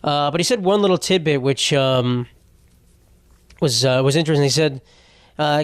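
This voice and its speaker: A man's voice: mid-range voice, a little fast, clear, resonant tone, no echo. Rambling man with a dry, close sound. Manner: rambling, sarcastic, laughs mid-sentence. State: slightly sore throat. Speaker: comedian podcast host. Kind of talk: solo comedic podcast monologue.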